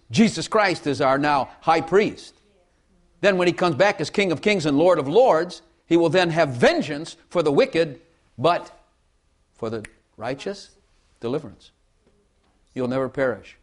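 A man's voice: a little high, expressive, unhurried. A man preaching a sermon in a folksy way, repeating phrases and asking the congregation for amens.

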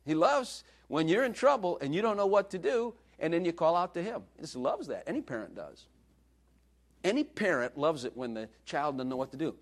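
Lively, joking male preacher. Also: on the high side, a little fast. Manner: joking, conversational, laughs often. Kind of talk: sermon.

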